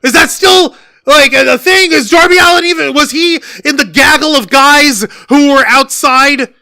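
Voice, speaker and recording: A man's voice: extremely high pitch, normal speed, bright, forceful tone, no echo. A man co-hosting a wrestling review podcast, ranting with profanity and sarcasm. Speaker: podcast co-host. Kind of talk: heated wrestling review chat.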